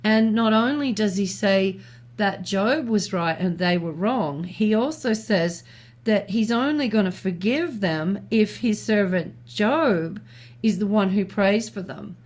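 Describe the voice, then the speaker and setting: Woman co-host, middle-pitched voice, measured and reflective, talks through ideas as she goes. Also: darkish tone. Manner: thoughtful, measured, reasoning aloud with small restarts. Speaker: podcast co-host. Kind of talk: reflective conversational commentary.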